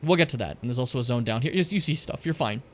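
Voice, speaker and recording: A man's voice: mid-range voice, expressive, very fast. A man streaming a video game, giving casual commentary, chatty and joking, swearing freely and talking to his viewers.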